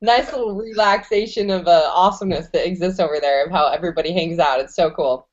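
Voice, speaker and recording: A woman's voice: lowish voice, quick pace, muffled recording. A woman hosting an online interview show, enthusiastic and slangy, swearing freely and rambling as she talks. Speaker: host.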